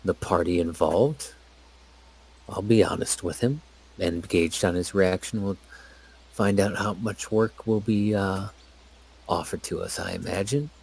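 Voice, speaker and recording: A man playing a tabletop game, speaking in character in a measured, thoughtful way. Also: low-pitched, steady tone, gravelly, a little mellow, slightly rough. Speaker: player. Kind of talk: in-character role-play.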